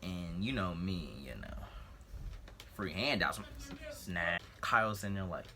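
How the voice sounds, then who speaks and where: Teen male vlogger with a low, forceful voice, loose and rambling as he tells a school story. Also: lively intonation, slow pace, a little hiss or hum. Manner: rambling, jokey asides, clears throat often. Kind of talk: casual storytelling.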